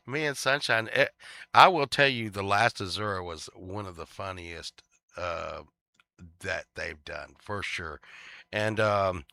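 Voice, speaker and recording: A man's voice: sits low, takes it slowly, gravelly, sharp tone, dry recording, clean studio sound. A man chatting casually on a vlog, rambling with many fillers and restarts and laughing at his own stories. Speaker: vlogger.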